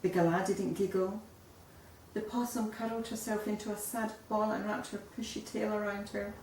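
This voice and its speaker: A woman reading a children's picture book aloud in an expressive storytelling manner. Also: mid-range voice, moderate pace, slight background noise. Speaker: storybook reader. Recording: echoey room, voice a bit far off.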